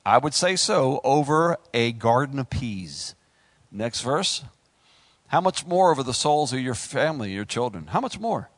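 A man preaching a sermon with animated delivery, rising to high exclamations and pulling back to quieter asides. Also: moderate pace, no echo. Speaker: pastor.

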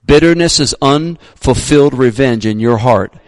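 A male pastor preaching a sermon, emphatic, sometimes shouting his readings, joking about himself. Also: mid-range voice, normal speed, no echo.

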